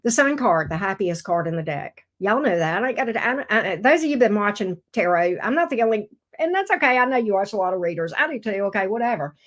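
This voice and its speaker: A woman giving a casual tarot reading, chatty and excitable, swearing now and then when she gets thrilled. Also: mid-range voice, a little fast. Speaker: tarot reader.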